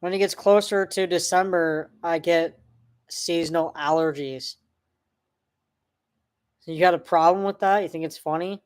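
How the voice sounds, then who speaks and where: A man's voice: a little high, steady tone, a little slow, long pauses, clean tone. A man on a livestream answering trolls, sarcastic and mocking with fake dismay. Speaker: streamer answering online trolls. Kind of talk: casual livestream talk.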